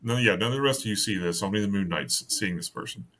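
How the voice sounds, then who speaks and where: A man narrating a tabletop game as game master, halting, with many fillers and restarts. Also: fairly low pitch, a bit bright.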